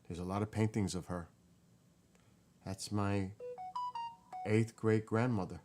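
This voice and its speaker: Male vlogger, very low voice, emotional and excitable, casual talk to camera at a computer. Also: unhurried, faint music behind. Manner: emotional, excited, muttering while reading. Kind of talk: casual vlog, researching family tree.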